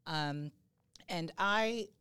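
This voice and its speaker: A woman's voice: on the low side, fairly bright tone, smooth, dry recording. A woman co-hosting a podcast in casual chat, rambling and joking as she talks. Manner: chatty, rambling, quick to joke. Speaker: podcast co-host.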